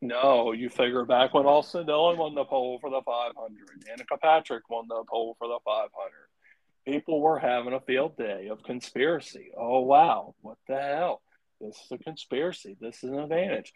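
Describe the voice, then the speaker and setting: A young adult man co-hosting a casual podcast about racing, blunt and quick to swear when worked up. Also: medium pitch, poor audio. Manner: profane, blunt and excitable. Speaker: podcast co-host.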